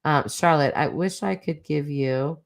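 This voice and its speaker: A woman's voice: low voice, vocal fry. A middle-aged woman hosting a casual livestream chat, reading viewer comments with teasing asides and frequent laughs. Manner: chatty, teasing, laughs often, quick asides.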